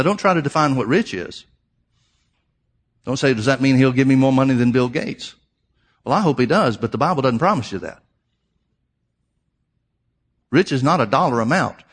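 A man's voice: mid-range voice, lively intonation, moderate pace, long pauses, husky. A man preaching a sermon, reading scripture aloud and explaining it, emphatic and repeating key phrases for his listeners.

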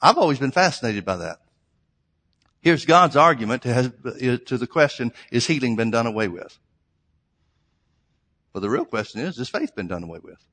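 A man's voice: medium pitch, very animated, moderate pace, long pauses, a bit bright. A man preaching a sermon, reading scripture aloud and retelling a story with fillers and restarts. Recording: long hall reverb.

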